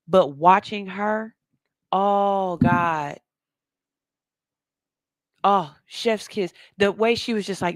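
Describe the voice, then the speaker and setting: A woman hosting a radio show, telling a story to her listeners in a casual, animated way and calling them "y'all". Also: mid-range voice, extremely slow, long pauses, no room sound, studio quality. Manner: animated, talks straight to the audience as "y'all"; slips into soft, hushed voices when quoting people.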